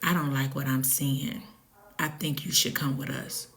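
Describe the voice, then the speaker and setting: A woman voicing a calm, gently insistent female paramedic in a soft, low, almost whispered voice during a storytime vlog. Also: slow pace. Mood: concerned.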